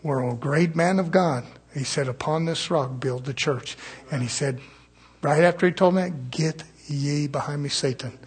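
Pastor, male, husky and slightly high-pitched, fervent sermon delivery with big volume swings. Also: normal speed. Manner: preaching, swings between loud fervent crescendos and quiet asides.

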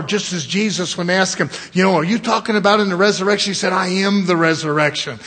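A man preaching a sermon, emphatic, repeating phrases for stress, with a husky voice. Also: sits high, a bit bright.

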